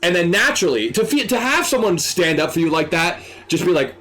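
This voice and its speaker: A young man tells a story casually, his voice climbing and falling with lively energy. He sits a little high in pitch for a man and acts out what people said. He swears freely. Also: a little fast. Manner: animated, excitable, swears freely, acts out quotes. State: dry throat. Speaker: streamer.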